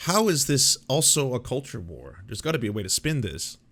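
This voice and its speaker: A man's voice: medium pitch, big pitch swings, fairly quick, a bit bright. Sarcastic swearing man reacting. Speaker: commentary host. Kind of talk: casual reaction commentary.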